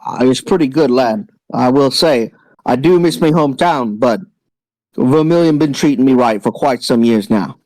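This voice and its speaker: A man's voice: mid-range voice, normal speed, a little mellow, no echo, close to an everyday voice, poor audio. A man voicing a friendly male biker gang member, calling everyone mate and lad. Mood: hearty. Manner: hearty, calls people mate and lad.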